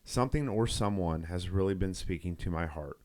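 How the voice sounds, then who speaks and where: A middle-aged nurse who co-hosts a podcast rambles through a long story in casual chat, restarting often and quoting dialogue. His voice is low-pitched and darkish, fairly quick, with no room sound.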